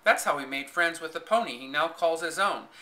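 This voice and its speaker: A man's voice: on the high side, lively intonation, brisk, sharp tone, pitched above the performer's own voice, poor audio. A man voicing a young housemaid with a broad Yorkshire accent, blunt and cheerful in manner. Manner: broad dialect, hearty and forthright.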